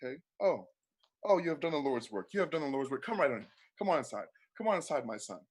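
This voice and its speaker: A man doing a hushed, kindly Jesus. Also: mid-range voice, sing-song, fast, husky. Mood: gentle. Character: gentle soft-spoken Jesus at heaven's gate.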